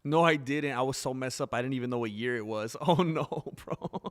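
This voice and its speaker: A man hosting a casual livestream, rambling and reacting to the chat with lots of ums. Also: mid-range voice. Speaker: livestream host. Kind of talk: casual live-stream chat.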